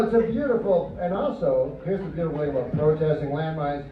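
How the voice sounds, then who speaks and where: Deadpan male comic, high voice, roomy club. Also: fairly quick, distant mic. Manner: deadpan, rambling asides with mock-earnest quoted voices. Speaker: stand-up comedian. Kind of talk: stand-up comedy set. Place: comedy club stage before a live audience. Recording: roomy, muffled club recording from afar. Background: audience laughter and crowd noise.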